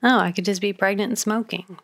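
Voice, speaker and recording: A woman's voice: medium pitch, a little fast, over a noisy crowd. A woman with a mild Southern US accent, co-hosting a frank podcast chat and laughing often. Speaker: podcast co-host. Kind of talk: casual chat.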